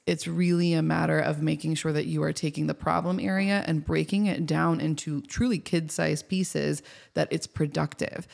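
A woman podcast host who trains dogs, giving practical advice in a steady, explanatory way. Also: deep voice, vocal fry. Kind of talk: casual podcast conversation.

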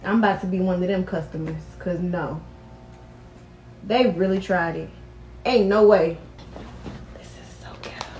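A woman's voice: fairly low pitch, normal speed, long pauses, a little mellow, faint music behind. A young woman talking frustrated to her viewers in a casual vlog. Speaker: vlogger.

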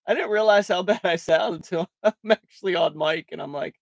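A man's voice: high-pitched, brisk, creaky, no room sound, clean studio sound. A man hosting a live card break stream in casual chat, jokey and self-mocking, rambling with fillers and laughing often.

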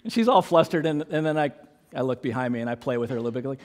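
A man's voice: medium pitch, fast, a little mellow. A man preaching a sermon as pastor, talking in a conversational, joking way and acting out little quoted exchanges.

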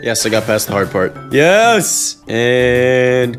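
A man's voice: medium pitch, big pitch swings, slow pace, faint music behind. A man co-hosting a gaming video, ribbing his friend in a cocky, teasing way as they play. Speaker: Roblox gaming channel co-host. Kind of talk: casual gameplay banter.

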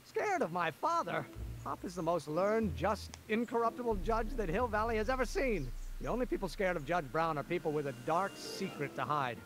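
Frantic young Doc Brown. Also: male voice, sits high, moderate pace, over music. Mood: indignant. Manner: excitable, rambling technical muttering. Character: eccentric young male scientist, frantic, brilliant.

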